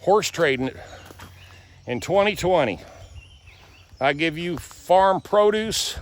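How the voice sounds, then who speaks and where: A man's voice: sits high, lively intonation, takes it slowly. A man vlogging casually, walking through his garden and telling folksy stories. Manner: folksy storyteller. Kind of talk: casual vlog walk-through. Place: rural garden outdoors.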